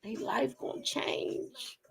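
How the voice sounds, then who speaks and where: A middle-aged woman runs a gossip channel, talking frankly and slowly with viewers during a casual live stream, reading out their comments and swearing freely.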